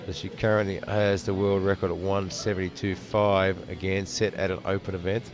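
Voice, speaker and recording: A low-voiced man calls a live powerlifting event from the commentary box, reading out each lifter and her weight before he breaks down the lift. A loud crowd fills the venue behind him. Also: flat delivery, normal speed. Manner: calls each lifter's name, country and weight, then adds analysis.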